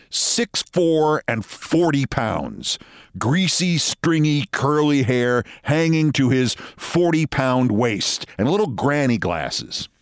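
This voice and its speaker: A man's voice: mid-range voice, dry recording. A man hosting a show, telling a personal story in a wry, vivid way. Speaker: host. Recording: dry close studio sound.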